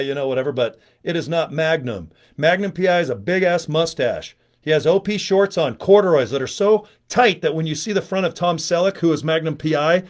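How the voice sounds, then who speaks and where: Casting note: man, casual rambling livestream host, jokey and digressive, mid-pitched everyday voice. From United States. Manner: chatty, digressive, joking. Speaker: network marketing trainer. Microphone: webcam or phone on a live stream.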